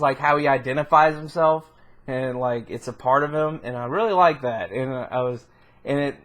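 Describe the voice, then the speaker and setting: A man's voice: medium pitch, a bit bright. A man casually reviewing a film in a rambling, filler-heavy way, often laughing and swearing. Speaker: movie reviewer.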